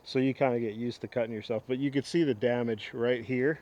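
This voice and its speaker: A man's voice: mid-range voice, steady tone, a little fast, a little mellow. A man hosting an axe restoration vlog, talking casually in a rambling, enthusiastic way with frequent asides. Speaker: host of an axe restoration channel. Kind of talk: casual show-and-tell vlog.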